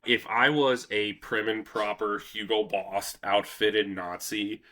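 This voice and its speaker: A man hosting a casual history podcast, telling the story in a loose, profane, animated way. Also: fairly low pitch, slow. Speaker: podcast host.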